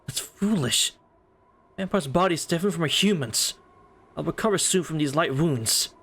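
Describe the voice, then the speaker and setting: A man streamer reading aloud as a proud young female vampire alchemist, with stiff, formal, measured phrasing. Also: fairly high pitch, animated, fairly bright tone, husky, heavily acted. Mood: insistent. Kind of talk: reading a game's story mode aloud.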